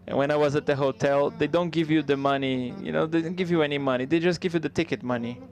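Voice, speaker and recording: A man giving a live spoken interpretation of a stand-up comedy set, conversational and halting, with frequent restarts. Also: fairly high pitch, steady tone.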